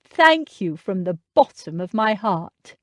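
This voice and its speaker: A woman voicing a tender young gentleman, earnest and gentle with the people he loves. The reading swings lively up and down in pitch, recorded close and dry with no room sound. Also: slow pace, no room sound. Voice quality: deep voice. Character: young nobleman, warm and earnest.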